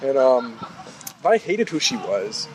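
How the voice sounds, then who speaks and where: A man in his twenties from California, a podcast co-host telling profane, animated stories in a casual chat. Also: medium pitch, slow pace, a crowd in the background, low-quality recording. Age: 20s. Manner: profane, animated storytelling with acted-out quotes.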